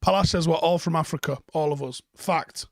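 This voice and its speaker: A man's voice: fairly high pitch, a little fast, no room sound, studio quality. A man hosting a live stream, chatting casually and bluntly while reading out viewer comments, swearing freely.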